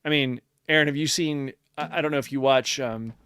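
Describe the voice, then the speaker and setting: A man's voice: medium pitch, fairly quick, a bit bright, smooth, no room sound. Guy cohosting a podcast, rambly, reads out listener notes, dead dry close sound. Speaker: podcast co-host. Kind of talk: casual podcast chat.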